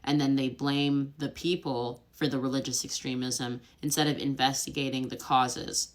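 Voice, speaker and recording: A young woman talking casually to the camera in a vlog, chatty and direct, with quick asides. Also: rumbling low, level tone. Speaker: vlogger.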